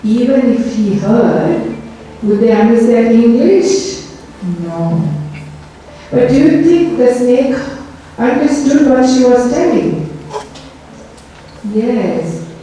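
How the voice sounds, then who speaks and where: A woman teaching children at a Dhamma school, telling a story gently and asking them lots of questions. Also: a little high, animated, distant mic, slight background noise. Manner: slow, gentle, asks the children many questions. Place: temple hall. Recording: echoey hall, voice from afar.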